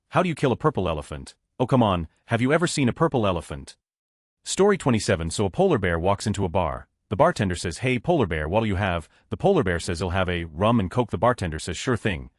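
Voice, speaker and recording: A man's voice: deep voice, no room sound, studio quality. A man reading a string of short jokes aloud as a narrator, raising his voice to announce each story number.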